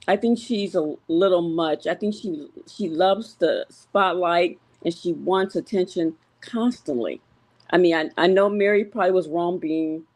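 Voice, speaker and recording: A woman's voice: fairly low pitch, a little mellow. A woman calling in to a show, hesitant with many ums, giving firm opinions. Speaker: caller. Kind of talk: casual call-in opinion.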